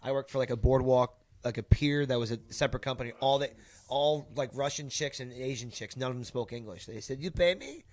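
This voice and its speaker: A young man talking loosely on a podcast, swearing freely and circling around his point. His sentences stall on fillers and restart midway. His voice sits at an ordinary middle pitch. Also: fairly even intonation, a little fast, darkish tone. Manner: rambling, profane, full of 'like' and restarts. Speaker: podcast host. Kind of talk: casual chat.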